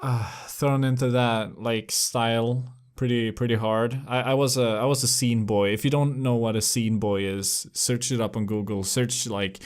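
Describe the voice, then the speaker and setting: A man's voice: mid-range voice, steady tone, moderate pace, hardly any pauses, clean tone. A young man co-hosting a podcast in casual chat, stammering with repeated words and laughing easily. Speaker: podcast co-host.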